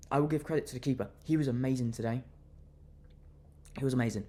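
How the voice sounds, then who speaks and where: A young man delivers a furious fan reaction rant about his football team. He sounds fuming and keeps repeating himself as he vents, with his voice at a mid pitch. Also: fast, long pauses, warm tone. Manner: fuming, repetitive, venting.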